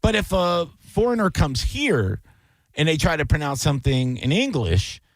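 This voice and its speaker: A man's voice: a little high, very animated, moderate pace, no room sound. A man hosting a radio show, rambling and joking in casual banter with plenty of fillers. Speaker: radio host.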